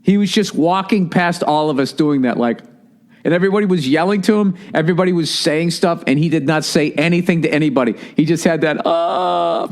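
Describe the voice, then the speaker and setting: A man's voice: a little high, a little fast. Profane storytelling podcast man. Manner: profane, animated anecdote with mimicked voices. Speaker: podcast host. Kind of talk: casual storytelling monologue.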